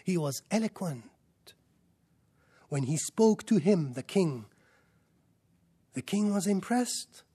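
A man's voice: high-pitched, lively intonation, takes it slowly, pauses often, mellow, slightly rough. A man giving a sermon in an emphatic way, stacking up lists and rhetorical questions. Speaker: preacher.

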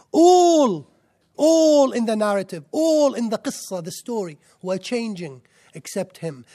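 High voiced guy giving a sermon, emphatic, lots of rhetorical questions. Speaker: preacher.

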